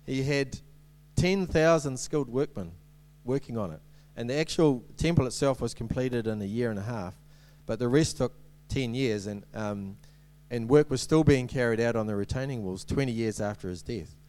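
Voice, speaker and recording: A man's voice: medium pitch, moderate pace, hardly any pauses, a little mellow. A man giving a sermon as a preacher, in a conversational way with many ums and restarts and light humorous asides.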